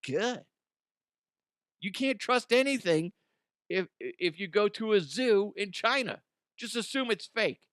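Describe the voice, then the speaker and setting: A man's voice: high-pitched, lively intonation, takes it slowly, long pauses, a bit bright, smooth, dry recording, clean studio sound. A man hosting a comedic news show, rambling bluntly through headlines, swearing and laughing at his own jokes. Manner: casual, blunt, frequent restarts. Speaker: host.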